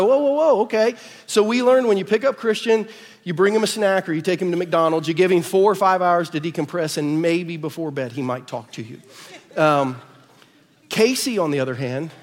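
A middle-aged man with an American accent, preaching a sermon and telling family stories in an animated way, acting out the dialogue. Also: fairly high pitch. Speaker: pastor. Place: church sanctuary. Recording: reverberant church hall.

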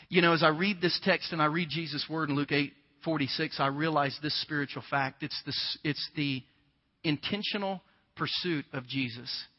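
A man preaching a conversational sermon as pastor, acting out little dialogues and surging louder to press his points. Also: a little high. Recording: dull audio with long reverb.

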